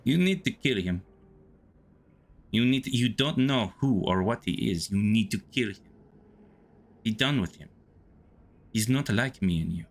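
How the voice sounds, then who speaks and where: A man's voice: fairly low pitch, lively intonation, a little slow, pauses often. A man voicing a menacing male inner voice in a Russian accent, urging the listener to kill someone.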